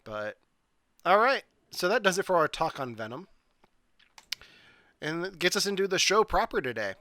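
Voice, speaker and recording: A man's voice: sits high, big pitch swings, normal speed, sharp tone, no echo. A man hosting a casual podcast over a video call, running through facts with joking asides. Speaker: podcast host. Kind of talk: casual chat.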